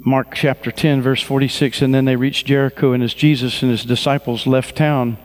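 Male preacher, mid-pitched voice, fervent sermon delivery. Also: level tone, big-room sound. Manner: fervent preaching, acts out voices of people he describes; slow, drawn-out prayer at the close. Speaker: pastor.

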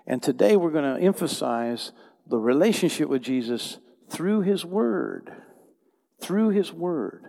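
A man's voice: a little high, creaky, warm tone. An older man preaching a conversational sermon as pastor, repeating phrases and restarting his sentences. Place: church hall. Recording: long hall reverb.

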